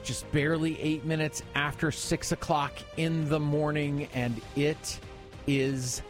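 Upbeat male radio host with music bed. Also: little pitch movement. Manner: upbeat, pitching donations with quick bursts. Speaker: radio morning show host. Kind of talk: fundraising radio chat.

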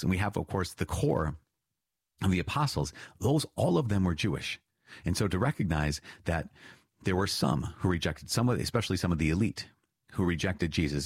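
A man's voice: low voice, slightly rough, no echo, clean studio sound. A man explaining a catechism reading in an earnest teaching style, stressing points with sudden rises. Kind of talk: spoken teaching commentary on a reading.

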